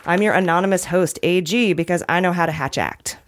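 A woman's voice: fairly low pitch, brisk. A woman hosting a casual news podcast, wry and often laughing as she talks. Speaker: podcast host.

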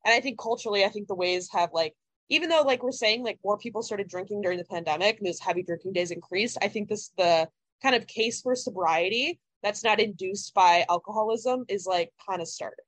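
A young woman in her twenties chats casually as a podcast co-host. She fills her sentences with "like" and drops the odd swear word. Her voice sits at a mid pitch and sounds close and dry. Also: brisk, a bit bright, dry recording. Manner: chatty, heavy use of "like", casual swearing. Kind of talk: casual chat.

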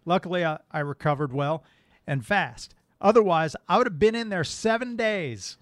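A man's voice: sits high, lively intonation, normal speed, no echo, studio quality. A man co-hosting a casual podcast chat, telling stories with laughs. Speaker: podcast co-host.

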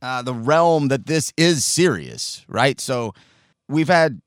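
Animated, rambling man hosting a podcast. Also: medium pitch, slow pace, no room sound, clean studio sound. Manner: rambling, self-deprecating, profane. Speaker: podcast host. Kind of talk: casual opinion monologue.

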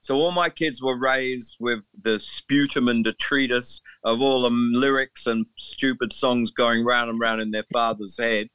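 A man's voice: medium pitch, steady tone, a little slow, hardly any pauses, fairly bright tone, smooth, dry recording. A man in his sixties from England, a musician chatting in an interview as a rambling, amused storyteller. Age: 60s. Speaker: musician guest. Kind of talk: casual interview chat.

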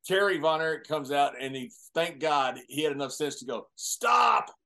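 An older man with a fairly high voice swaps old wrestling road stories, laughing often between lines. He speaks with animated energy and a lively, warm humor. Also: a little fast. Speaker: retired pro wrestler, guest. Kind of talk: casual storytelling chat.

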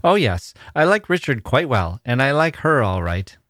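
A man voicing a bright, polite little girl with an eager, chattering way of talking. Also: mid-range voice, very animated, moderate pace, dry recording, clean studio sound, voice pushed up. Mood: earnest.

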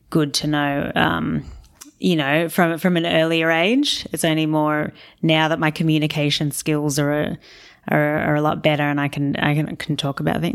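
An Australian woman speaking as an interview guest, telling stories candidly and with animation. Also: sits low. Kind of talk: casual interview talk.

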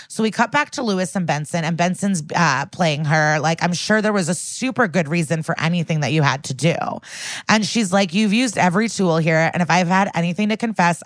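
Recapping a TV crime episode on her podcast, this co-host gives a casual, animated retelling, voicing the characters' lines and using lots of fillers. She has a lowish voice, and the recording has no room sound.

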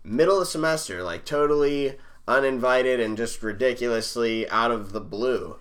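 A young man co-hosting a casual chat podcast, animated and swearing freely, jumping into excited bursts. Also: medium pitch, moderate pace, clean tone. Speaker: podcast co-host.

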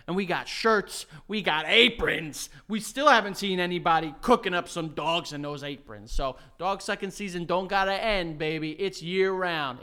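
Brief: male podcast co-host, crude and teasing, bright forceful tone. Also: fairly high pitch, smooth. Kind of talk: casual chat.

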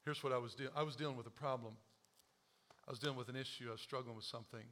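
A man preaching a sermon as pastor, joking at himself and moving from quiet confession to loud urging. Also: medium pitch, slight background noise. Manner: animated, self-deprecating humor, swings from quiet confession to shouting; quotes scripture slowly.

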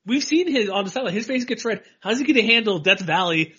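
A man co-hosting a podcast, talking sports in a rambling, animated way and laughing often. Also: high-pitched, quick pace, breathy edge. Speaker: podcast co-host. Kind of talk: casual sports chat. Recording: dull lo-fi audio.

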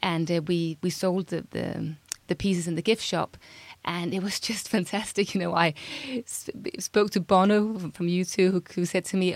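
A woman's voice: on the low side, fairly even intonation, moderate pace, hardly any pauses, no room sound. A woman being interviewed as a jewelry designer, talking casually with frequent restarts. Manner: chatty, many restarts and repeated words.

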